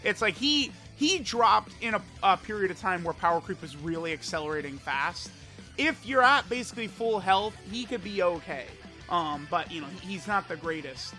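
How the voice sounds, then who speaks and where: A man's voice: high-pitched, lively intonation, moderate pace, pushed and bright, faint music behind. A man giving casual commentary on a mobile game, rambling and thinking aloud with many fillers and restarts. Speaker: mobile game content creator.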